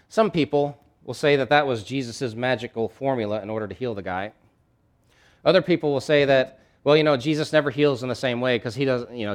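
A male pastor preaches a sermon in a middle-pitched voice. He keeps it conversational and emphatic, breaking off with asides and frequent restarts as he builds his points.

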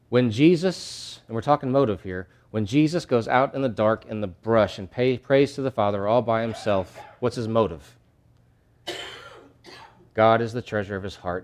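A male pastor preaching a sermon, animated and conversational, acting out scenes from scripture. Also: fairly low pitch. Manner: animated, acts out disciples' voices.

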